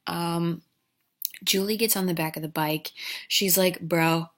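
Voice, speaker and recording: A woman who recaps a movie at an unhurried pace, piling on deadpan, sarcastic commentary. She swears freely and pauses to mock the plot. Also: lowish voice. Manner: sarcastic, profane, deadpan asides.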